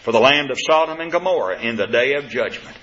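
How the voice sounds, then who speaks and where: A man preaching a sermon to a congregation, quoting scripture and addressing the brethren, swelling loud and high on key phrases, then dropping low and soft. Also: lively intonation, fast. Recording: dull lo-fi sound.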